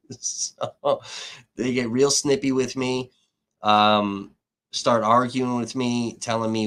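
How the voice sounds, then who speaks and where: A man's voice: medium pitch, fairly even intonation, slow pace, fairly bright tone. Profane, heated male livestream host. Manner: profane, heated retelling of a dispute; laughs between points. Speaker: livestream host and independent reporter. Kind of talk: casual livestream storytelling.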